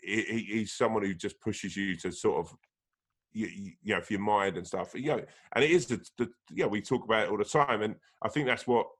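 A man's voice: fairly low pitch, fairly quick. A man hosting a casual chat, rambling with many fillers as he builds up his questions. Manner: rambling, heavy on fillers and restarts. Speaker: podcast host.

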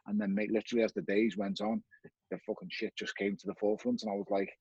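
Gravelly, husky man telling it bluntly. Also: on the low side, sing-song, quick pace, a little mellow, no room sound, muffled recording. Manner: blunt, swears often, acts out remembered dialogue. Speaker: guest, former boxer. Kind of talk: candid conversational storytelling.

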